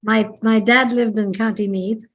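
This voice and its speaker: An older woman from Ireland with a Dublin accent speaks unhurriedly in a mid-range, fairly even voice. A dance teacher appearing as an interview guest, she reminisces in a chatty, meandering way, often correcting herself mid-sentence.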